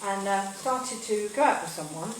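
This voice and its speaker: A woman's voice: medium pitch, animated, moderate pace. A middle-aged woman hosting a home cooking show, chatting and telling a rambling story with lots of fillers while she cooks. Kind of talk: live cooking chat with storytelling. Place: home kitchen. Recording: very echoey kitchen, mic far off, cooking noise. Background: frying and sizzling, stirring.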